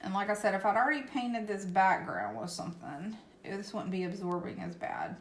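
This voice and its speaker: A woman's voice: mid-range voice, expressive, normal speed, roomy sound. A woman hosting a casual painting tutorial, chatty and reassuring, often checking in with "okay?". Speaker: craft channel host.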